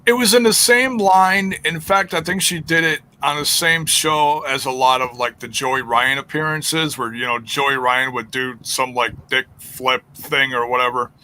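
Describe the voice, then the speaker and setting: A man co-hosting a casual chat, halting as he searches for words. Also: medium pitch, fairly even intonation, sharp tone, a little hiss or hum, low-quality recording.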